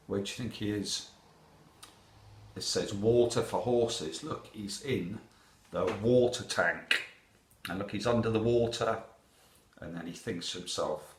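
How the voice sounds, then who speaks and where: A man reading a picture book aloud to children, animated and asking the listener questions. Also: on the low side, measured pace, echoey room. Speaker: storyteller.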